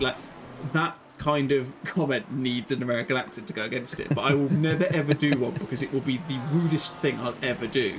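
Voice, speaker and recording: A chatty, rambling man commentates on a live sim racing stream, mid-pitched and easygoing. He laughs easily and drifts into side stories. Steady game noise sits behind his voice. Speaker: race commentator.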